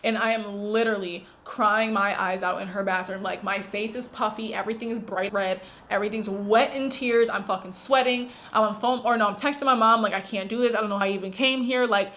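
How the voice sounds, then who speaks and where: A young woman talks straight to her viewers, candid and animated as she tells a story. Her voice sits in a middle pitch, and she keeps it casual and unpolished. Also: fairly quick, few pauses. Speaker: vlogger.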